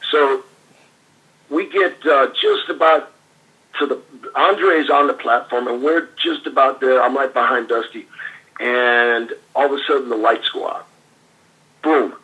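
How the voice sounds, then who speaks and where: Husky, forceful older man telling stories. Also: mid-range voice, measured pace, long pauses, muffled recording. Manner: animated anecdote teller, frequent laughs and fillers. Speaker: guest, former pro wrestler. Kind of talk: casual storytelling interview.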